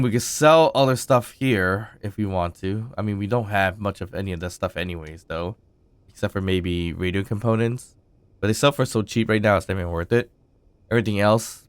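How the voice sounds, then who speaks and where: A man hosting his gaming channel, chatting casually as he plays, thinking aloud with fillers, his voice still rough from a recent illness. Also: lowish voice, brisk, no echo. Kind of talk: casual gameplay commentary.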